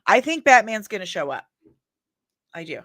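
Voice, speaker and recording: A woman's voice: mid-range voice, sing-song, normal speed, a bit bright, dry recording, clean studio sound. A woman hosting a pop culture news show in a casual, chatty way, reading viewer comments aloud and rambling into personal asides.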